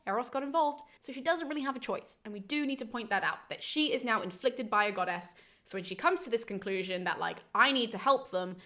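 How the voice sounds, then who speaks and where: A woman's voice: a little high, a bit bright. A woman hosting a casual storytelling lesson, retelling a myth in a chatty, sarcastic way and often checking in with "right?". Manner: chatty, sarcastic, frequent tag questions. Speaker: mythology explainer, channel host.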